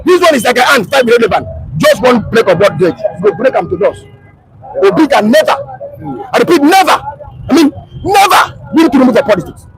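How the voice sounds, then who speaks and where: A man with a Nigerian Pidgin English accent arguing politics loudly and insistently on a street, talking over interruptions. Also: very high-pitched, sing-song, brisk, vocal fry, noisy background. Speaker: street debater. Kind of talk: heated street political debate.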